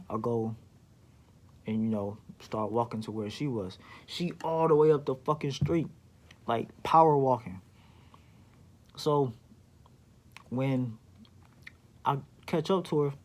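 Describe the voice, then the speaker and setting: A man's voice: mid-range voice, a little mellow. A young man casually telling a story from his life, with a laid-back slangy manner and lots of fillers.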